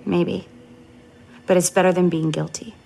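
An actress playing a cold, scheming woman who confronts her sister with calm menace in a film drama. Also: on the low side, moderate pace, gravelly, soft background music. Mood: coldly menacing.

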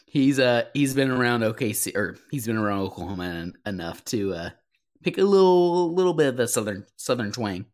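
A man's voice: mid-range voice, expressive, fairly quick. A man co-hosting a podcast, talking casually and hesitantly, with lots of fillers. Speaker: podcast co-host. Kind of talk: casual sports chat.

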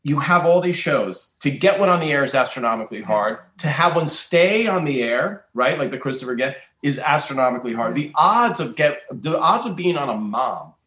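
A man's voice: a little high, expressive, normal speed, few pauses, a bit bright. Wry teasing co-host man, roomy sound. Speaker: podcast co-host. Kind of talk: casual podcast chat.

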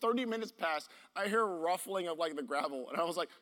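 A man's voice: on the high side, expressive, fairly quick, a bit bright, in a large hall. A man telling a laughing story on a live podcast, acting out what he said. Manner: laughing anecdote-telling, acts out his own lines. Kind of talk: casual chat. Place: live stage show.

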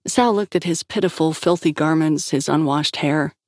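A woman narrating a fiction audiobook in a measured, even storytelling manner. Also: sits low, breathy edge, dry recording, studio quality. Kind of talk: scripted narration.

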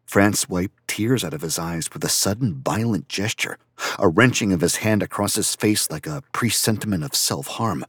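A man narrating a first-person audiobook in a quiet, reflective, even way. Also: lowish voice, normal speed, slightly rough, no echo, clean studio sound.

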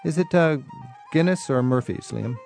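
A man's voice: a little high, moderate pace, gravelly, a little mellow, soft background music. A middle-aged man hosting a talk show. He asks genial, curious questions and makes easy remarks. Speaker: host. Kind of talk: interview-style talk show.

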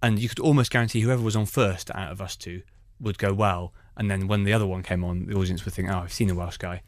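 A man, a stand-up comedian, telling anecdotes in an animated way. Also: fairly low pitch, fast talker, no room sound, clean studio sound. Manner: animated storytelling. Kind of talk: conversational anecdotes.

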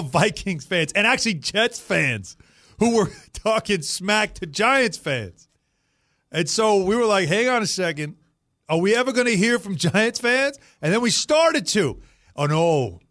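A man hosting a sports talk radio show, chatting casually in a lively, joking way. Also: high voice, unhurried, no room sound, clean studio sound. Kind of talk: casual chat.

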